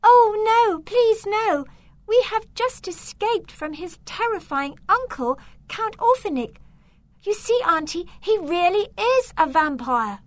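A woman voicing a plucky young girl in a storybook reading, high and pleading. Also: big pitch swings, a little slow, hardly any pauses, fairly bright tone, dry recording, exaggerated voice.

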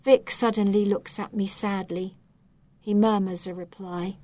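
A woman narrating a storybook reading in a measured, clear, deliberate way. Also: mid-range voice, steady tone, dark tone, no room sound.

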